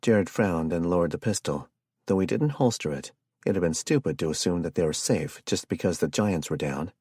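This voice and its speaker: A male audiobook narrator with a very deep, husky voice and steady delivery. The recording is dry and close, with no room sound. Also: normal speed, no echo. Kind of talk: scripted narration.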